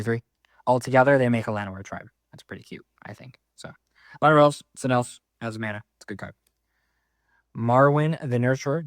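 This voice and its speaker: A man casually walking through a card game deck, reading card text aloud with quick offhand comments. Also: mid-range voice, no echo, clean studio sound.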